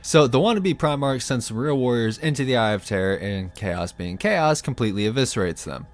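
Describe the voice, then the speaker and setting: A man's voice: mid-range voice, expressive, a little fast. A man ranting about fantasy lore in a sarcastic, profane, comedic commentary style.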